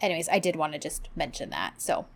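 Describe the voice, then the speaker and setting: A woman's voice: low-pitched, sing-song, quick pace. A woman co-hosting a casual chat, talking loosely with many fillers and little laughs. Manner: chatty, many fillers and laughs, quotes characters. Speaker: podcast co-host.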